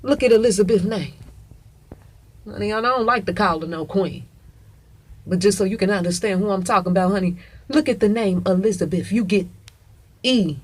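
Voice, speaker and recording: A woman with a husky voice delivers a casual monologue straight to the camera. She presses every point hard, swears freely and keeps calling the listener "honey". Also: mid-range voice, normal speed, pauses often. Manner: emphatic, profane, calls listener "honey".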